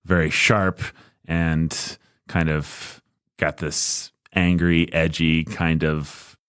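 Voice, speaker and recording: A man's voice: extremely low pitch, level tone, drawn-out words, fairly bright tone, clean tone, dry recording, clean studio sound. A man co-hosting a podcast, chatting casually in a rambling, jokey way that keeps restarting sentences. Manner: rambling, self-interrupting, jokey. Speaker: podcast co-host.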